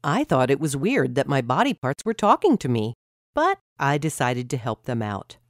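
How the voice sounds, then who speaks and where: A woman reads a children's story aloud. Her low voice rises and falls widely at an unhurried pace. The recording is close and dry. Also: no room sound. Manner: expressive, clear storybook reading. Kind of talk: scripted children's story narration.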